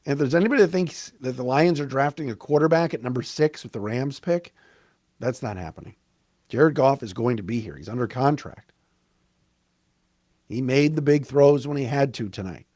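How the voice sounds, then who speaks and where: A man hosting a solo sports podcast, recapping a game in an excited, emphatic, conversational way. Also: medium pitch, normal speed, no room sound, studio quality. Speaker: podcast host.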